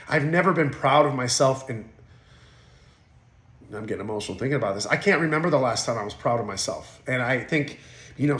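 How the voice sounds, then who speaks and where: A man's voice: fairly high pitch, fairly bright tone. A man in his forties talking candidly as an interview guest, blunt and emotional, with profanity and frequent restarts. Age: 40s. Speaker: podcast guest. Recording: roomy echo.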